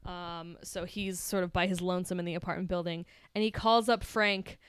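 A woman co-hosting a podcast, recapping a film in casual chat, animated and swearing as she acts out lines. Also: fairly low pitch, moderate pace, a little hiss or hum. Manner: animated retelling with quoted voices, swearing. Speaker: podcast co-host.

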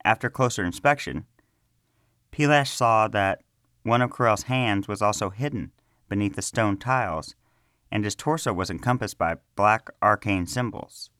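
Deep-voiced man narrating a fantasy tale. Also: normal speed, fairly bright tone, dry recording, studio quality. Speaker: storyteller.

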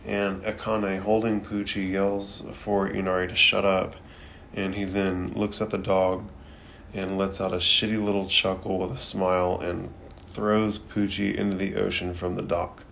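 A man's voice: low-pitched, little pitch movement, measured pace, creaky, fairly bright tone, slight background noise. A man recapping an anime episode in a laid-back, casual way, swearing freely and using loose filler words. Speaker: anime reviewer.

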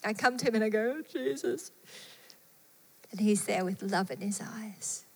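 A woman preaching a sermon with fervent delivery, rising to emphatic peaks and falling to hushed, soft phrases. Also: mid-range voice, steady tone, fairly quick, breathy edge. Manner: fervent, swelling and dropping to soft tones. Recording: long hall reverb.

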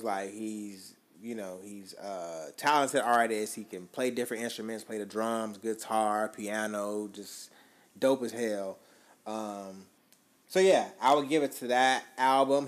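A man's voice: fairly low pitch, fairly even intonation, measured pace. A man co-hosting a podcast, chatting casually about his favorite albums in loose, slangy talk with easy swearing. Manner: laid-back slangy talk, swears freely. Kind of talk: casual chat about music.

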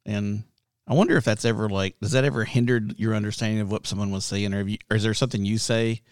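Texan male host, low voice, dry close sound, rambling casual storyteller. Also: fairly even intonation, fast talker, clean tone, no room sound. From Texas. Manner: rambling storyteller with many restarts. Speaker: podcast host. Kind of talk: casual chat.

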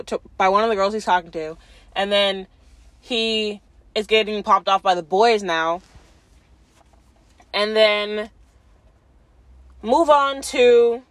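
A woman's voice: mid-range voice, no echo. A young woman casually recapping a reality show, chatty and full of fillers, acting out what people said. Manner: chatty, filler-heavy, acts out quotes.

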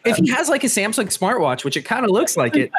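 Man, podcast co-host, animated casual chat, stumbles over words, lively intonation. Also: high-pitched, fast, breathy edge. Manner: animated, stumbling, laughs often.

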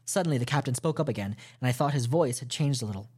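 A man narrating a classic adventure novel aloud at a steady, measured pace, with small restarts. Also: medium pitch, husky. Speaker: podcast host reading a novel aloud. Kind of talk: audiobook storytelling narration.

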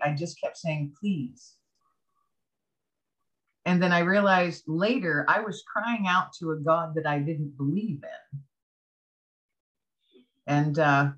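A woman's voice: low voice, rough recording. A woman as an interview guest, telling her personal faith testimony earnestly and acting out her own past thoughts as she goes.

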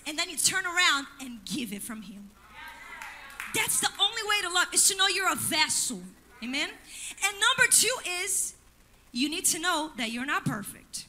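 A woman's voice: very high-pitched, very animated, normal speed, sharp tone, a little hiss or hum. A woman pastor, preaching a sermon in church with emphatic delivery and call-and-response asides.

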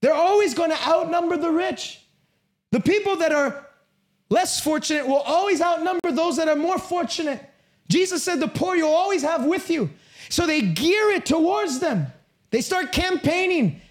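A man preaching a sermon with passion and emphasis, sometimes rising to a shout. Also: extremely high pitch, expressive, normal speed.

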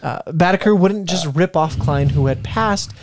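A man's voice: a little high, moderate pace, background noise. A man co-hosting a casual history podcast, reading from notes with many fillers and restarts. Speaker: podcast co-host presenting history.

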